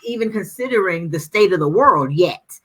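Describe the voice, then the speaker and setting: Bright-voiced fervent woman guest. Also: fairly low pitch, lively intonation, normal speed, slightly rough, low-quality recording. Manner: fervent, preacher-like repetition. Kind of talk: conversational discussion.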